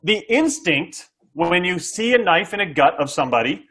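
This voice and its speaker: Here a middle-aged guest, a SaaS sales coach, energetically explains sales tactics to an interviewer. His voice sits high with big pitch swings, a bit bright, at a moderate pace, and he often role-plays buyer dialogue while checking in with "okay?".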